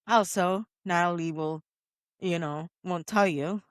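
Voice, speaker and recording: A woman co-hosts a podcast in a low-key, easygoing way and leans on small fillers as she talks. Her voice is very low for a woman. The studio sound is dry and close. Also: unhurried, no echo. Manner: low-key, lots of "you know" and "um" fillers. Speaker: podcast co-host. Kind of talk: casual chat.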